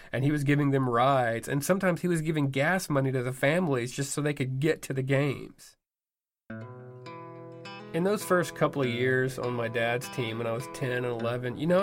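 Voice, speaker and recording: A man in his thirties telling a personal story in a wry, self-mocking, conversational way. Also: mid-range voice. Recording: music heard behind the voice. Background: music.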